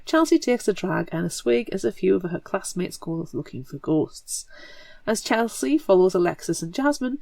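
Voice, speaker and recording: Chatty woman with a gravelly edge. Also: medium pitch, dry recording. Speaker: podcast co-host. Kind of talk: casual book podcast chat, reading a plot summary.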